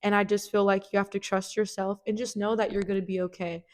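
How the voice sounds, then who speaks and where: A woman's voice: mid-range voice, flat delivery, quick pace. Earnest young woman hosting a podcast. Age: 20s. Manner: earnest, heartfelt, lots of "like". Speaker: podcast host. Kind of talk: casual chat.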